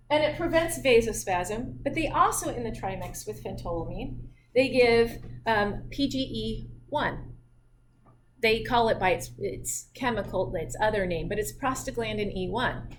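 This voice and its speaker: A woman's voice: a little high, a little hiss or hum. A woman instructor giving a recorded physiology lecture in a chatty way, with jokey asides and laughter at her own slips.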